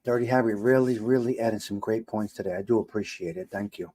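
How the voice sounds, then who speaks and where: Middle-aged male livestream host, exasperated ranter, loud bursts and quiet mutters. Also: lowish voice, fairly quick, a little hiss or hum. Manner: animated, exasperated ranting with swearing. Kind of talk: casual livestream talk reacting to chat.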